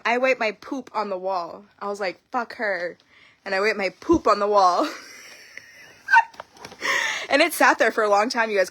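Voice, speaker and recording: A woman's voice: medium pitch, bright, forceful tone, dry recording. A young woman vlogging in a casual confessional monologue, candid and blunt, swearing freely and telling her story with animation.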